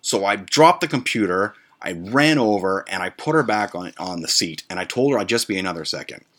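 Man, deep low voice, podcast host, casual rant, swears a lot, rambling with ums and restarts. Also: expressive, brisk, a bit bright. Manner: profane, rambling, with many fillers and restarts.

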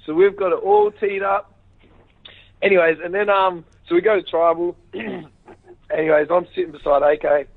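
A man guest in a casual phone interview, retelling events in a rambling, animated way and acting out what others said. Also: sits high, normal speed, no echo. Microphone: phone call. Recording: tinny phone line, dry.

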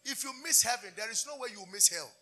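Male pastor, high husky voice, fervent sermon delivery with call-and-response. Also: animated, quick pace, sharp tone. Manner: fervent call-and-response preaching, switching between English and Twi.

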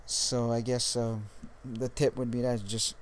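A young man from Hawaii who speaks with a Californian accent, talking to the camera in a casual vlog. His voice sits at an ordinary middle pitch, and he is laid-back and profane, stalling and restarting his sentences as he goes. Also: little pitch movement, a little slow. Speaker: dating coach vlogger.

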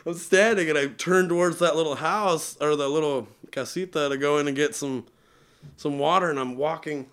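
A man guest on a podcast, telling a long story in a casual, animated way, laughing often and filling with "like". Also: a little high, normal speed, clean tone. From Utah.

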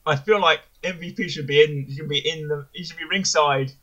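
A man's voice: fairly high pitch, steady tone, brisk, pushed and bright, lo-fi sound. A man co-hosting a casual review podcast, rambling enthusiastically and correcting himself as he goes. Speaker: podcast co-host. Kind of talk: casual wrestling review chat.

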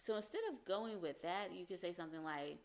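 A woman talks through relationship advice in a casual, earnest way. Her voice sits a little low for a woman, and she acts out the phrases people might say. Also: brisk. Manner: earnest, explains with acted-out example phrases.

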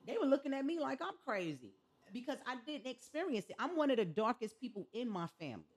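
A woman's voice: sits high, quick pace, slightly rough. A woman hosting a podcast, talking casually and telling stories with quoted asides. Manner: conversational, animated storytelling with quoted asides. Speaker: podcast host. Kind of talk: casual chat.

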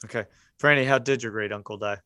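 A man's voice: mid-range voice, fast talker, pushed and bright, a little hiss or hum. A man narrating a tabletop horror game as game master, hesitant, with many fillers and restarts.

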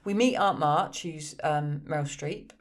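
A woman's voice: low voice, unhurried. A woman co-hosting a casual film podcast, eagerly recounting the story and defending it with laughter. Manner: enthusiastic, patiently explaining with laughter. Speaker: podcast co-host. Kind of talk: casual chat.

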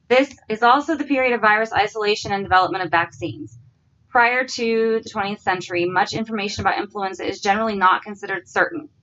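A woman's voice: medium pitch, fairly bright tone. A woman co-hosting a podcast, reading facts from her notes and rambling in a giggly, self-deprecating way. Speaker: podcast co-host. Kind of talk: casual chat, reading notes aloud. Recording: slightly dull lo-fi recording.

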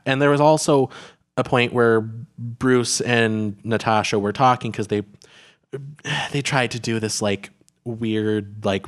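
A man in casual conversation, talking about a film with lots of fillers and restarts. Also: fairly low pitch. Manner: rambling, heavy on filler words and restarts. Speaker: podcast co-host reviewing a film.

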